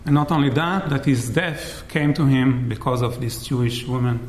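Male lecturer, measured academic delivery, average pitch, roomy reverb. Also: slight background noise. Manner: measured, frequent "right?" checks. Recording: roomy echo.

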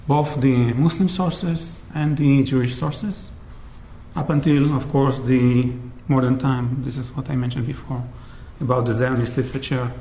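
Male lecturer, measured academic delivery, average pitch, roomy reverb. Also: warm tone. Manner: measured, frequent "right?" checks. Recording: roomy echo.

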